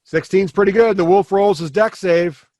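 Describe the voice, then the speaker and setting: A man narrating as dungeon master, describing the action with lively sound effects. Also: high-pitched, moderate pace, no echo. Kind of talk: narrating a tabletop game.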